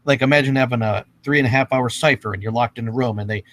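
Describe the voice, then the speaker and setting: A man's voice: medium pitch, quick pace, a bit bright, a little hiss or hum. A man ranting casually and freestyle rapping at home, profane and rambling. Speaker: freestyle rapper. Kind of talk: casual rant and freestyle rap. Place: indoors at home.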